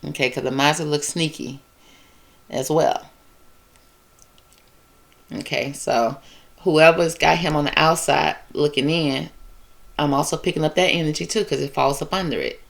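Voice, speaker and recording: Low-voiced woman giving a tarot reading. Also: steady tone, creaky. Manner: conversational, repetitive, emotive, drawn-out phrasing. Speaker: tarot reader. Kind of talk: casual tarot reading monologue.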